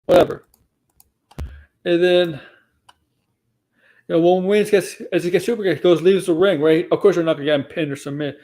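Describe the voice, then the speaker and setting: A man's voice: sits high, steady tone, normal speed, long pauses, a little mellow. A man casually recapping a wrestling show for his stream, rambling and often correcting himself mid-sentence. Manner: rambling, self-correcting, acts out quotes.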